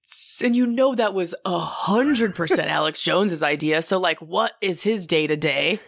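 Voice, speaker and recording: A woman's voice: on the low side, normal speed, gravelly, dry recording, studio quality. A woman co-hosting a podcast in casual chat, emphatic and profane, laughing often. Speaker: podcast co-host.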